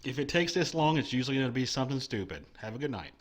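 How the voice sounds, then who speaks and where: A man's voice: mid-range voice, lively intonation, very fast. A man hosting a live call-in stream, brash and profane, taking callers with mock-patriotic banter. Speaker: call-in show host.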